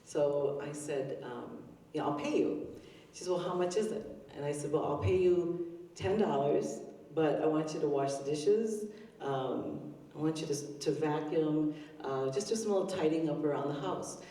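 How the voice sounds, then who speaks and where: An older woman doing stand-up at an open mic on an arts center stage tells chatty, self-deprecating stories full of fillers before a live audience. Her low-pitched voice is warm and moderately paced. The recording sounds distant, in a roomy hall.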